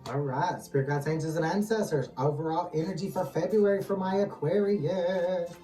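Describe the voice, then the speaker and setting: A tarot channel host leading a reading, calm and steady, repeatedly calling on guides, angels and ancestors. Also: mid-range voice, normal speed. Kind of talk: tarot reading, casual chat. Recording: echoey distant mic with music underneath.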